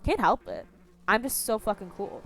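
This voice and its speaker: A woman's voice: medium pitch, huge pitch swings, normal speed, gravelly, fairly bright tone. A woman streamer giving casual, rambling let's-play commentary. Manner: chatty, giggly, rambling.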